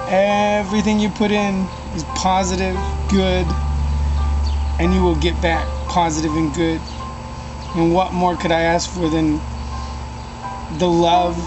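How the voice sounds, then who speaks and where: A man's voice: high voice, rough recording. A man in his forties from Fresno, California, speaking to camera in a heartfelt video monologue. He is a little emotional and rambles earnestly, with many ums and restarts. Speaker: vlogger father.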